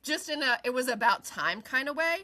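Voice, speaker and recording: A woman in her forties, a podcast co-host, telling a personal story in casual chat, animated, laughing often and swearing freely. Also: high-pitched, fairly quick.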